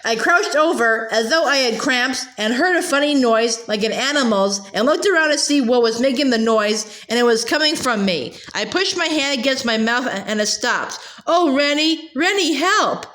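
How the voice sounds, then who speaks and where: A woman reading a first-person novel aloud, halting often with filler sounds and restarts. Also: on the high side, lively intonation, fairly bright tone. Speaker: audiobook reader.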